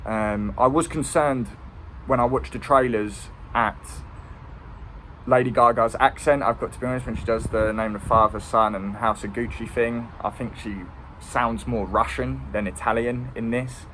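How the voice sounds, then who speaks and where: A man's voice: mid-range voice, fairly even intonation, moderate pace, fairly bright tone, a little hiss or hum. A man giving a casual, rambling film review. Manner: rambling, with many ums and restarts.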